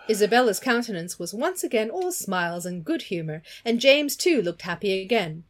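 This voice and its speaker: A woman's voice: mid-range voice, very animated, normal speed, few pauses. A woman reading a novel aloud with expression, voicing the characters and stopping to chat about the story. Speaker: reader of a novel.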